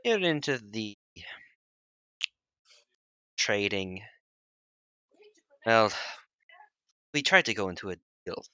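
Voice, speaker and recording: A man voicing a shady, evasive guild recruiter, talking in halting, hesitant phrases. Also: lowish voice, big pitch swings, bright, forceful tone, dry recording, dull audio, full character voice. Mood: smooth.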